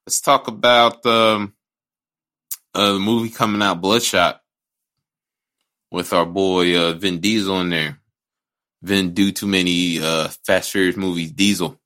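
A man's voice: deep voice, steady tone, measured pace, long pauses, sharp tone. A man co-hosting a podcast in casual chat, ranting and joking with lots of swearing. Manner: ranting, profane, jokey. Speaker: podcast co-host.

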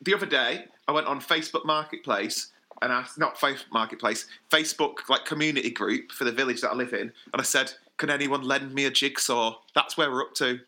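Male podcast co-host, very bright tone, casual wry storyteller. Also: medium pitch, fast. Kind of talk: casual chat.

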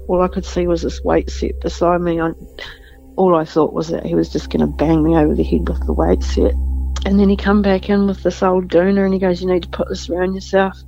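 A woman with an Australian accent giving a halting personal account in a news interview. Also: lowish voice, creaky, warm tone. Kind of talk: personal testimony. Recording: dull lo-fi sound with music bed.

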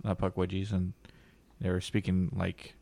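A man's voice: low voice, monotone, normal speed, creaky, warm tone, no room sound. A man co-hosting a podcast at home, chiming in with dry, teasing remarks. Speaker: podcast co-host. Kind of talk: casual chat. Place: home room with windows open.

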